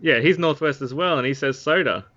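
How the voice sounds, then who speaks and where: A man's voice: fairly high pitch, a little fast, a bit bright, muffled recording. An Australian man in casual chat, laid-back, swearing freely and laughing often.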